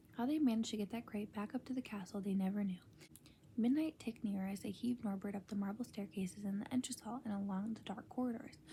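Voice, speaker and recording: A woman reading a storybook aloud in a soft, unvoiced ASMR whisper. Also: mid-range voice, slight background noise.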